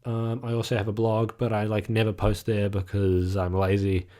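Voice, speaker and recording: A man's voice: lowish voice, completely flat delivery, normal speed, mellow. A young man hosting his own podcast alone, talking casually and rambling, with lots of fillers and casual swearing, a bit of a cough coming on. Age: young adult. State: getting a cough. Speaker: podcast host. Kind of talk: casual solo podcast talk. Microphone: microphone.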